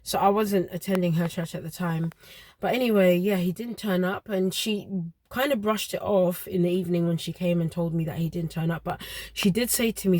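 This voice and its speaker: A woman, around her thirties, earnestly telling a personal story with emotional pauses. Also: on the low side, a little mellow, dry recording.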